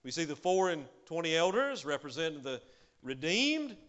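Male preacher with a fairly high voice. Delivers an emphatic sermon that swings between loud and soft, with frequent hallelujahs. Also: big pitch swings, moderate pace, muffled recording. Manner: peppers speech with hallelujah.

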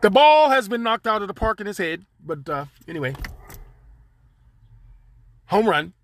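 A man's voice: sits high, sing-song, normal speed, a bit bright. A man hosting his own podcast, rambling and joking in loose slang straight to his listeners. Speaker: podcast host. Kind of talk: casual solo monologue.

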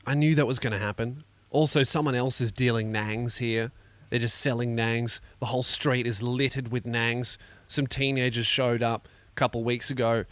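A man's voice: medium pitch, steady tone, normal speed, fairly bright tone, no echo. An Australian man hosting a comedy podcast, ranting sarcastically with lots of swearing while in pain from a neck injury. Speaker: podcast host.

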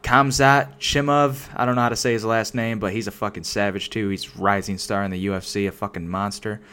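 A man's voice: on the low side, fairly even intonation, fairly quick, sharp tone, smooth. A young man ranting casually into a microphone, rambling with lots of filler words and constant swearing. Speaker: solo vlogger. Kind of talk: casual unscripted rant. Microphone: desk microphone.

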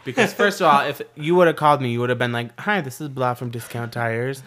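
A man co-hosting a casual podcast chat, telling a profane, animated story. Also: medium pitch, fast talker. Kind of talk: casual chat among friends.

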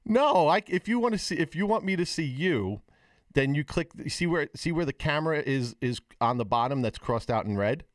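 A man's voice: fairly high pitch, normal speed, no echo. Male podcast co-host, casual rambling talker, dry close sound, full of restarts. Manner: rambling, animated storytelling with many restarts. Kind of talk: casual chat on a video call.

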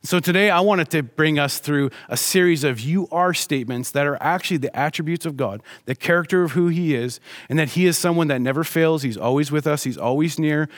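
A middle-aged man, a pastor preaching a conversational sermon, telling stories and slowing down to stress key lines. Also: a little high. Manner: storytelling, conversational, slows for emphasis.

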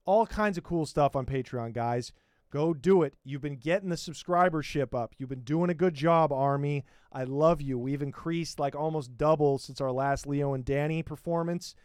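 A man's voice: a little high, normal speed, darkish tone, clear, resonant tone, dry recording, studio quality. A man hosting a comedy podcast, riffing in a profane, rambling and sarcastic way. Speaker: podcast host.

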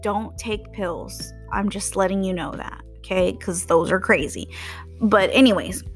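A woman's voice: mid-range voice, unhurried, faint music behind. A young woman from Texas hosting a podcast, ranting about customers in a blunt, profane, sarcastic way. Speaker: podcast host. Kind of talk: casual rant.

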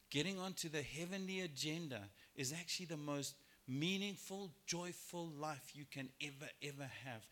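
Bright, animated male preacher. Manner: animated, acts out quoted voices with rising pitch and volume. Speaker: pastor. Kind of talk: sermon. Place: church sanctuary.

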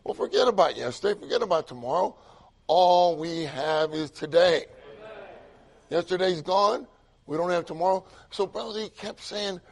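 An older man preaching a sermon, excitable and repetitive, swinging from loud emphatic lines to hushed asides. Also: high-pitched, normal speed, slightly rough.

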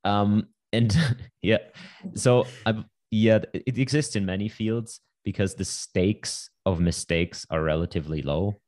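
A man with a very low voice, chatting as a guest on an interview podcast. He talks fast and wryly, piling on asides and little jokes. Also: a little mellow. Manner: quick, wry, full of asides. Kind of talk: casual interview chat.

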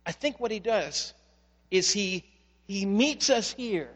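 A high-voiced male pastor preaches a sermon, telling stories and swinging from loud, stressed phrases to hushed ones. His voice rings through a long hall reverb over a faint mains hum. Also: lively intonation, takes it slowly.

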